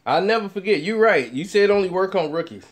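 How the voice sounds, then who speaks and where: A man's voice: high-pitched, animated, fairly quick. A man telling a casual story, laughing often and acting out the people he quotes.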